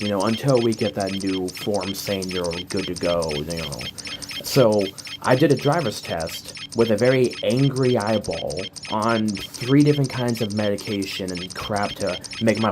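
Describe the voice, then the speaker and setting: A man from the US telling a casual story in a rambling way, with many filler words and restarts. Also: lowish voice. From United States. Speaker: game streamer. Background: music.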